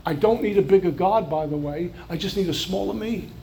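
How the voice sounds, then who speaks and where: A man's voice: high voice, brisk, creaky, mellow, slight background noise. A man from New York with a New York accent, giving an earnest personal recovery testimony with flashes of wry humor. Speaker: recovery speaker.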